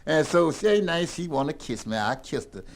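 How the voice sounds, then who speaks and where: An older man telling a rambling tall tale in a folksy, animated drawl. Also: fairly high pitch, normal speed, slight background noise. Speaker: storyteller.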